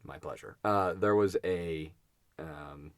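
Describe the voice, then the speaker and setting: A man's voice: low voice, takes it slowly, no echo, studio quality. A man co-hosting a podcast, chatting casually and telling a rambling story with frequent laughs and restarts. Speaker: podcast co-host. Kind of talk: casual chat.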